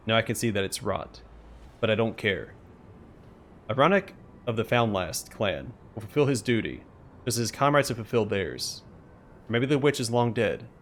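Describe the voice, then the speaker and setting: Low voiced guy reading game story aloud, lots of ups and downs in his voice. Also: slight background noise. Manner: expressive storytelling read. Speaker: let's play host.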